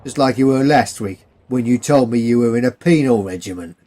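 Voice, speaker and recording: A man's voice: mid-range voice, mellow, slight background noise, natural voice. A man voicing a cocky, brawling young English soldier who swears freely. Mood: brash. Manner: brash, swearing, quick-tempered.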